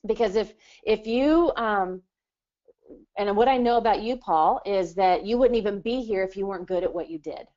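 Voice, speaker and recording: A woman business coach giving energetic, persuasive advice in a live hot seat coaching session. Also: mid-range voice, normal speed, lo-fi sound. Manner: energetic, persuasive, acts out client voices.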